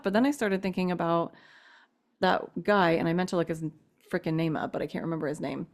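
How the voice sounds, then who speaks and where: A woman's voice: lowish voice, fast, darkish tone. A woman co-hosting a podcast, talking through a question in a candid, rambling way, full of "like" and restarts, with a casual swear now and then. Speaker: podcast co-host asking a question. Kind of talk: casual chat.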